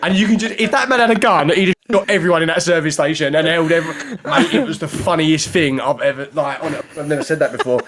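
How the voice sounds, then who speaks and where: A man's voice: a little high, sing-song, fairly quick, crowd noise. An English man hosting a podcast, telling a comic story and laughing all the way through it. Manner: laughs through his own story, shrieks and drops to a mumble. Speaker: podcast host. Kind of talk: casual comedic storytelling.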